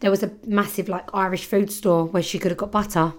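A woman's voice: medium pitch, steady tone, fairly quick. Young woman, podcast host, chatty storyteller, giggly, swears freely. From London, England. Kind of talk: casual chat, storytelling.

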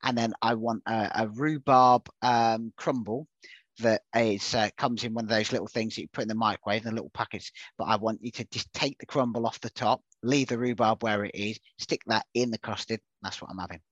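A man's voice: fairly low pitch, steady tone, brisk, fairly bright tone, no echo, highs cut off. A man co-hosting a podcast, talking through his food choices in a chatty, picky and jokey way. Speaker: podcast co-host. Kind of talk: casual chat.

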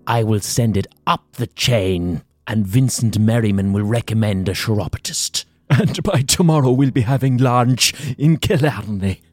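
A man's voice: medium pitch, normal speed, few pauses, darkish tone, no room sound, close to an everyday voice. An Irish man putting on a pompous Irish barrister who delivers everything through strained, forced laughter. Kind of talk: comic impression.

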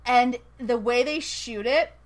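Animated woman recapping a show. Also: fairly high pitch, slow pace, rough recording. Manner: animated storytelling, laughs often, acts out quotes. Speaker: podcast co-host recapping a TV episode. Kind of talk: casual chat.

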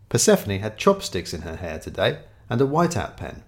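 A man's voice: lowish voice, huge pitch swings, moderate pace. Guy narrating an audiobook, dry and wry, voice moves around a lot.

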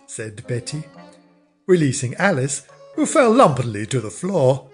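A man reading a comic story as narrator, dry and measured. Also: mid-range voice, very animated, slightly rough, soft background music.

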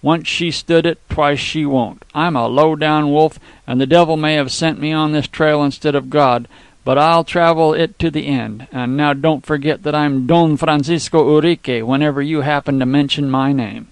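A man's voice: on the high side, moderate pace, clean tone, no room sound, lightly acted. A man doing a cool young Texan outlaw. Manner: calm drawl with cowboy slang.

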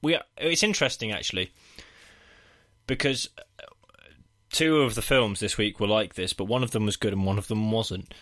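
A man's voice: lowish voice, moderate pace, long pauses, fairly bright tone. A man, co-hosting a film podcast in casual chat, swearing freely and restarting his sentences. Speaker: podcast co-host.

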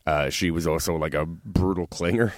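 A man's voice: low voice, normal speed, dry recording, studio quality. A man telling laid-back stories in casual chat, swearing and laughing often.

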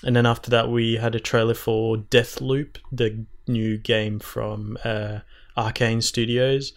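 A man's voice: mid-range voice, flat delivery, measured pace. A man co-hosting a casual gaming chat, laid-back and rambling, with lots of ums and trailing sentences. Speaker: podcast co-host.

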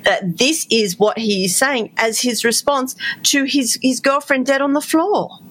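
A woman's voice: high voice, a little slow, fairly bright tone, slight background noise. A woman co-hosting a podcast, talking emphatically and acting out quotes as she analyzes. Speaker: podcast co-host. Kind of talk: casual analytical chat.

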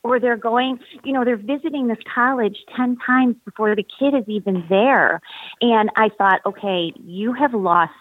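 A woman's voice: on the high side, normal speed, dry recording. A woman in her forties, a mother, in emphatic casual chat full of "you know". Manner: chatty, emphatic, many fillers like "you know". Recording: dry tinny phone-like sound.

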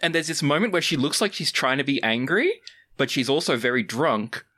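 A woman on a podcast trading quips in casual chat. Her pitch swings widely and her delivery stays playful. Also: lively intonation, fairly quick, fairly bright tone. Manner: playful, quippy. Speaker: podcast guest.

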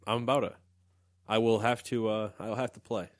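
A man's voice: fairly low pitch, level tone, moderate pace. A young man co-hosting a podcast in casual, rambling chat and laughing often. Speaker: podcast co-host.

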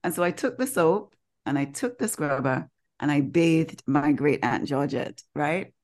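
A woman co-hosting a podcast, telling a personal story in a casual, animated way and acting out the voices of the people in it. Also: low-pitched, measured pace. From Caribbean. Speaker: podcast co-host. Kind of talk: casual chat.

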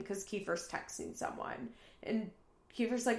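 A woman's voice: medium pitch, fairly even intonation, brisk, fairly bright tone, reverberant. A woman recapping a reality TV episode in casual chat, laughing often and acting out what people said. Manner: chatty, laughing, acts out quotes. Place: apartment room.

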